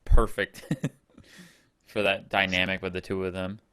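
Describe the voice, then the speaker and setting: Very low-voiced man chatting on a podcast. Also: flat delivery, unhurried, a bit bright, clean tone, no echo, clean studio sound. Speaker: podcast co-host. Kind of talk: casual chat.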